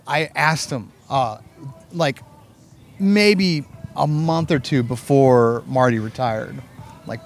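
Speaking slowly in a mid-range voice, a Navy veteran co-hosting a podcast spins rambling, profane service stories during a casual chat at a hotel pool. He's an animated storyteller, and the chat is streamed live on a phone or camera.

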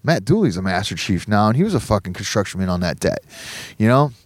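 A man's voice: fairly low pitch, big pitch swings, fast, no room sound. A man hosting a podcast, telling a long casual story with lots of swearing, restarts and laughter. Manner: profane, rambling, laughing often. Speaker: podcast host.

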